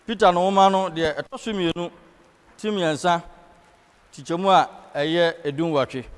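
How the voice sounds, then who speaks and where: A man's voice: high voice, fairly even intonation, moderate pace, clean tone, big-room sound. A Ghanaian man teaching a Bible class in a preaching style, switching into English for scripture and key phrases.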